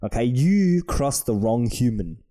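Male co-host, dark mellow tone, lively swings in pitch, swears through comic rants. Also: a little slow. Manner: ranting, heavy swearing, comic outrage. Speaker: podcast co-host. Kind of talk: casual podcast chat.

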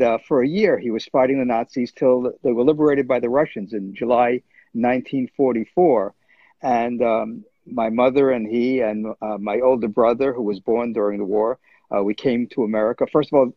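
A man in his seventies, a professor and economist, answering interview questions over a video call in a measured, hesitant way. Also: medium pitch, no echo. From born in Germany, raised in New Jersey. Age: 70s. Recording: dull, dry video call audio.

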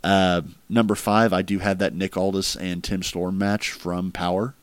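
His voice is low and level, a little slow, smooth, with no echo. He's a podcast host ranking wrestling matches in a rambling, filler-heavy chat, laughing along at crude jokes.

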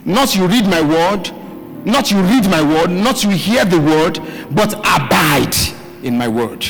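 A male pastor preaching a live midweek sermon, calling out questions for the congregation to answer and shouting key words. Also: high voice. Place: church hall with live congregation. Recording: live hall recording, reverb, faint music.

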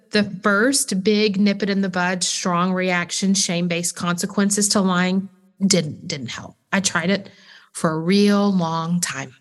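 A woman, a parent and podcast guest, speaking candidly and reflectively in a casual conversation. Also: mid-range voice.

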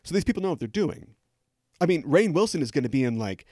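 A man's voice: a little high, sing-song, fast talker, darkish tone, dry recording, clean studio sound. Sarcastic man hosting a podcast. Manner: sarcastic, joking asides. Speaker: podcast host. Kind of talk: scripted news commentary.

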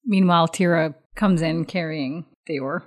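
A woman's voice: low voice, unhurried. A woman playing a tabletop game, playful and laughing. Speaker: player. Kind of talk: casual tabletop game play.

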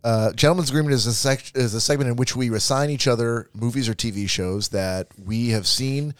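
A man's voice: medium pitch, brisk, clear, resonant tone. A man hosting a podcast, wryly steering the casual banter along. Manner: wry, steers the show along. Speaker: podcast host.

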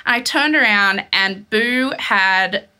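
Bright-voiced woman telling stories. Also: mid-range voice, slow pace, clear, resonant tone. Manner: animated storytelling, acts out quotes. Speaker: podcast co-host. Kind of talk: casual chat.

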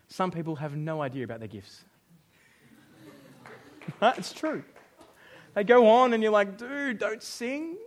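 A young Australian man preaching a sermon as pastor, joking and acting out quoted voices. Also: fairly high pitch. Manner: jokey, animated, acts out quoted voices.

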